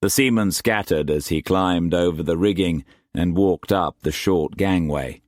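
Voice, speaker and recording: A man narrating an audiobook in a measured, unhurried reading style. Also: deep voice, darkish tone, dry recording, studio quality. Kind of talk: scripted narration.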